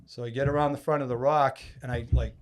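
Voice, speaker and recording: A man from Massachusetts on a podcast, telling a long fishing story in a casual, animated way and acting out other people's lines. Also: mid-range voice, fast. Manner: animated storyteller, acts out quoted speech with loud bursts. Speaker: podcast guest.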